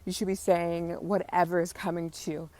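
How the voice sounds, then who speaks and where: A young adult woman with a slightly low voice hosts a spiritual coaching podcast, talking in an effusive, motivational, freewheeling way. She swears casually and stays chatty. She records while walking outdoors through a neighborhood. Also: level tone, moderate pace, mellow. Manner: effusive, swears casually, coos high at cats.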